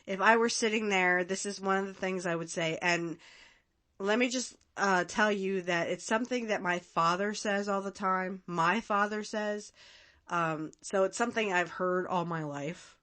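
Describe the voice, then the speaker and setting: A woman in her thirties hosts a casual podcast, offering relaxed commentary at a normal speed. Her medium-pitched voice has a fairly bright tone, and she chats with plenty of fillers and frequent laughter.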